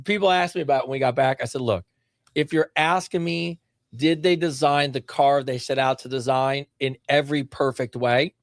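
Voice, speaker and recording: A man co-hosting a podcast in casual chat, talking in an animated, emphatic way with many restarts. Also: mid-range voice, normal speed, dry recording, clean studio sound. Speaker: podcast co-host.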